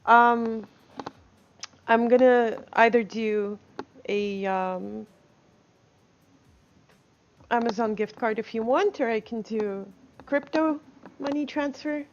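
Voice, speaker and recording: A woman's voice: a little high, slow, pauses often, lo-fi sound, slight background noise. A woman streaming live, chatting casually with viewers, reading chat aloud and laughing often.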